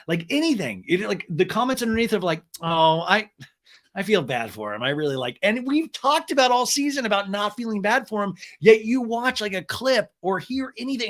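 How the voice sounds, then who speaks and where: A man hosting a podcast, chatting casually and animatedly about pop culture. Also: high-pitched. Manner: chatty and animated, with laughs and silly quoted voices. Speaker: podcast host.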